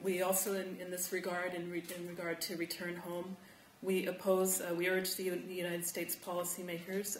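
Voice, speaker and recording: A woman with a lowish voice reads out a group's recommendations at a public forum, earnest and emphatic, filling gaps with "um" and clearing her throat. Her voice echoes through a large hall, with faint room noise behind it. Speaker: community representative presenting recommendations.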